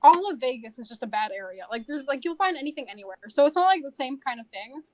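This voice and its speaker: A young woman tells work stories on a casual podcast, acting out the people she meets. Her voice sits high and she talks fast. The sound is dry and close, with no room around it. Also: no echo. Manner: animated storytelling, acts out quoted people. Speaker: podcast co-host. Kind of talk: casual chat.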